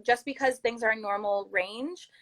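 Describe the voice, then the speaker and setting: A woman's voice: a little high, moderate pace, rough recording. A woman in her thirties, a podcast guest, telling her personal story earnestly and acting out what others said. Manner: earnest, animated storytelling with acted-out quotes.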